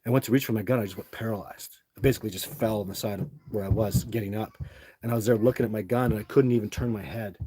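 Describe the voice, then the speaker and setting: Casually storytelling to his live chat, a middle-aged host wanders through long anecdotes with frequent restarts and fillers. His voice is fairly low, dark and breathy, delivered fast with fairly even intonation.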